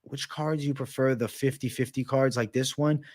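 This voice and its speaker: Brief male streamer, relaxed profane chat reading, answers trail off quietly. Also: medium pitch, normal speed. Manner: reads chat aloud and answers in a loose, profane, joking way. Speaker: livestream host answering viewer questions. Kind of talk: casual livestream Q&A.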